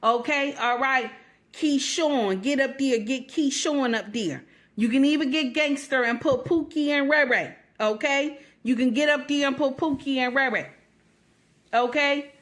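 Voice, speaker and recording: A woman's voice: high-pitched, a little slow, fairly bright tone. A woman hosting a commentary show, sarcastic and mocking, repeating her lines with rising emphasis. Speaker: host.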